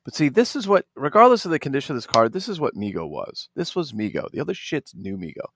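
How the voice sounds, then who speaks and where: A man from New Jersey chatting casually about his toy collection, animated and swearing freely with jokey asides. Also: on the high side, fast talker, no room sound, studio quality. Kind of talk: casual unboxing chat.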